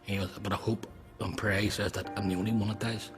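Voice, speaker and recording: A man recalling a farewell in a documentary interview, speaking haltingly and trailing off into quiet. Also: lowish voice, little pitch movement. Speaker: former prisoner interviewee. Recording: music bed under the voice.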